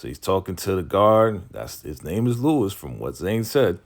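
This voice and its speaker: A deep-voiced man recaps a TV episode in a relaxed, chatty way. His low voice rises and falls a lot as he gets into the story, and he drops slang and laughs along the way. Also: moderate pace. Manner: animated, slangy, laughing while acting out scenes. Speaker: TV recap vlogger.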